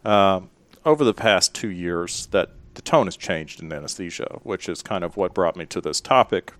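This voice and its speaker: A man from Memphis, Tennessee, speaking as a podcast guest in a relaxed, measured way. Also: low-pitched. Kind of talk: casual podcast interview.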